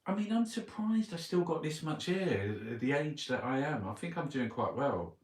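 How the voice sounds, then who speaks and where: A man's voice: fairly high pitch, very animated, normal speed, a little mellow. A middle-aged man with a Cockney accent who rambles through a newspaper review, grumbling and swearing to himself. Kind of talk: rambling casual monologue. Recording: roomy, distant mic with background noise.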